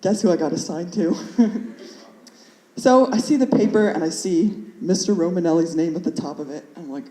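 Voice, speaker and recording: A woman's voice: lowish voice, normal speed, warm tone, echoey room, rough recording. A young woman in her twenties performing a stand-up comedy set in a nervous, rambling way, full of "like" fillers. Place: comedy club stage.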